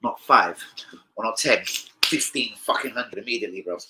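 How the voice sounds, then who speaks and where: A man's voice: on the low side, moderate pace, background noise. A young man, hosting a casual live-stream chat, rambling through stories full of slang and swearing. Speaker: football fan channel host.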